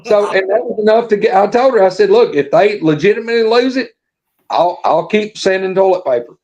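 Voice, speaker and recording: A man's voice: high voice, brisk, a little mellow, highs cut off. A man casually telling a long, folksy, profane story on a podcast, acting out what everyone said. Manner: folksy, profane, acts out quoted dialogue.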